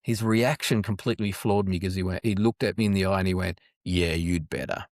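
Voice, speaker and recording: Middle-aged Australian man, lowish voice, rambling interview storyteller with many restarts. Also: fast, dry recording, studio quality. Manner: rambling, many restarts, animated when quoting. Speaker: guest, anti-trafficking charity worker.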